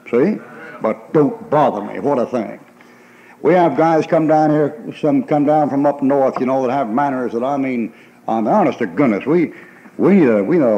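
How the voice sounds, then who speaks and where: A man's voice: mid-range voice, warm tone, muffled recording. A male pastor, preaching a folksy, emphatic sermon and acting out the people in his stories with laughter.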